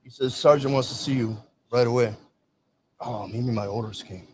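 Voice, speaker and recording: A man's voice: mid-range voice, normal speed, darkish tone, a little hiss or hum. An older man from Michigan, a veteran telling rambling stories and acting out quoted dialogue in casual chat. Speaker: veteran guest. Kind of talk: casual storytelling.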